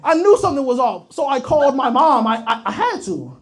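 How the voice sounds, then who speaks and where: A man's voice: extremely high pitch, very animated, a little fast, slightly rough. A young man performing a profane, rambling stand-up comedy set, telling stories straight to the crowd. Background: audience laughter.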